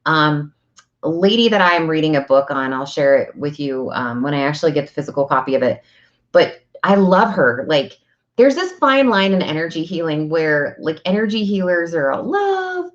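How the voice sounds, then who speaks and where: A woman's voice: fairly low pitch, muffled recording. A woman giving a casual, earnest talk on energy healing, speaking directly and asking herself rhetorical questions. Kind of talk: casual spiritual talk to camera.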